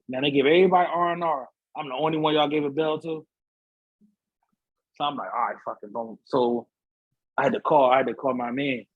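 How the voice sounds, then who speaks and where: Podcast guest, man, husky voice, slangy animated storyteller, dry close mic. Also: medium pitch, no room sound, phone-quality sound. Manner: slangy, repeats "so I'm like", acts out voices. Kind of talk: animated storytelling in casual conversation. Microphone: studio podcast mic.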